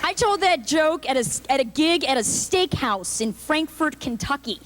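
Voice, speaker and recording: A woman's voice: sits high, expressive, moderate pace, over a noisy crowd, heavy background noise. A woman doing a punchy stand-up comedy set on a live club stage, jumping into character voices.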